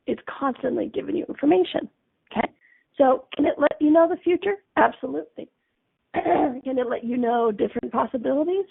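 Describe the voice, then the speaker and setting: High, husky woman host on a tinny line. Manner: chatty, with frequent "okay?" check-ins. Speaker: radio show host. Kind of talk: spiritual self-help talk. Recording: phone-like radio broadcast.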